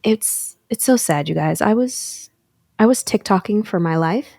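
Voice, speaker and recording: A woman in her thirties, a guest on a talk show, quick and joking, laughing easily. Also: medium pitch, expressive, gravelly, darkish tone, no echo, studio quality. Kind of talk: casual interview chat.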